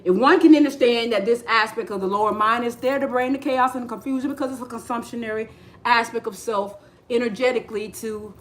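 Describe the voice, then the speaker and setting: A woman's voice: on the high side, fairly even intonation, a little fast. A woman hosting a casual live spiritual talk, slangy and repetitive, often breaking into laughter as she addresses her chat. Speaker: spiritual livestream host.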